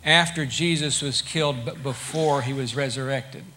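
A man's voice: mid-range voice, moderate pace, pushed and bright, slight background noise. A male pastor preaching a sermon, plainly laying out what he will explain.

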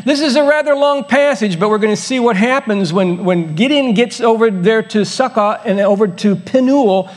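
A man's voice: sits high, a little mellow. A male pastor giving a conversational, folksy sermon, with asides to the congregation.

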